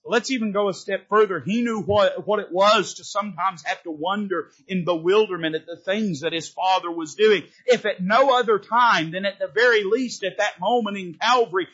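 A man preaching an impassioned sermon from a church pulpit, his pitch rising and falling sharply. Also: bright, forceful tone, slightly rough, dull audio. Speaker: Baptist pastor. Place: church sanctuary.

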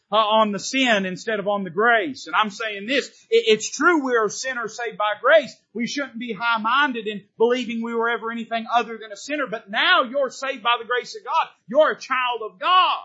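A pastor preaching a fervent sermon from the pulpit, pushing harder on key points in a folksy style. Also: male voice, high-pitched, pushed and bright, slightly rough. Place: church sanctuary from the pulpit. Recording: dull, lo-fi sermon recording.

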